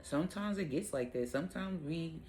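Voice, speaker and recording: A woman hosting a casual devotional Bible talk, speaking in a relaxed, rambling way with lots of "um" and "like". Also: low-pitched, brisk, a little hiss or hum, poor audio. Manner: relaxed, rambling, heavy use of fillers like "um" and "like".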